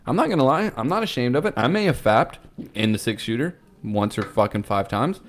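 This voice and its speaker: A man's voice: mid-range voice, fairly quick, a little hiss or hum. A young man co-hosting a podcast, talking in crude casual banter, swearing and saying "dude" constantly. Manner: profane, animated, says "dude" constantly. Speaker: podcast co-host.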